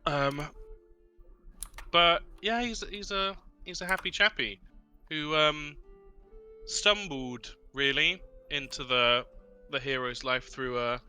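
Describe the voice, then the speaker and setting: A man describes his tabletop character in a relaxed, rambling way, full of ums and restarts. His voice is very bright and forward. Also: a little high, slow, soft background music. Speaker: player.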